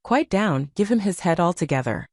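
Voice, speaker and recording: A kind and genteel lady from a storybook, as a woman reader puts her on. She speaks gently, earnestly and persuasively. The voice is lively, slightly low, and dry. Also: moderate pace, no echo.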